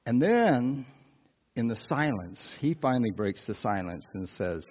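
Husky guy preaching with a story, chatty asides, dull lo-fi recording. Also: medium pitch, unhurried. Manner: animated personal storytelling with asides to listeners. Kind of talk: storytelling sermon. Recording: dull lo-fi sound.

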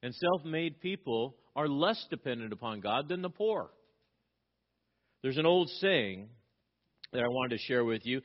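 A man's voice: medium pitch, expressive, unhurried, long pauses. A middle-aged man preaching a sermon as a pastor, emphatic and repeating his key phrases, with frequent restarts. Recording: dull lo-fi recording.

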